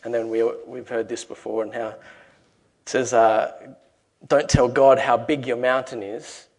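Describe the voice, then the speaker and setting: A man's voice: mid-range voice, flat delivery, measured pace, a little mellow. Man preaching a conversational sermon. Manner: conversational storytelling, acts out quoted lines.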